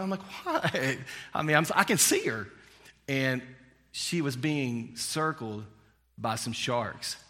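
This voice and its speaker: A man's voice: mid-range voice, bright, forceful tone, long reverb tail. A man preaching a sermon, telling a personal story in a casual way with many fillers. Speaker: pastor.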